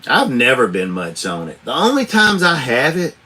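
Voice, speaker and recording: A man's voice: mid-range voice, wildly swooping pitch, normal speed, bright, forceful tone. A man, a truck driver chatting casually and rambling on a live stream, swearing freely, chuckling often, recorded on a tablet camera.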